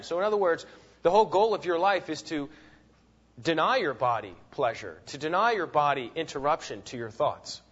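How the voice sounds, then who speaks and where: Male Bible teacher, emphatic lecturer, fairly high voice, dull lo-fi recording. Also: normal speed, husky. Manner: animated, emphatic, repeats words and asks "right?". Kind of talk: classroom lecture with readings.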